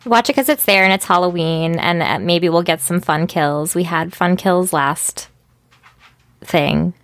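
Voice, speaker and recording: A woman co-hosting a casual podcast chat, easygoing and quick to laugh. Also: on the low side, fairly bright tone, no room sound. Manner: laughs often, chatty and easygoing. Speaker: podcast co-host.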